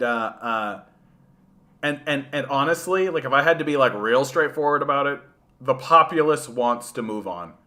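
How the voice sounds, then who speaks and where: A man's voice: medium pitch, pushed and bright. A Canadian man hosting a casual political livestream, rambling, repeating words and answering chat. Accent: Canadian English. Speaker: livestream host.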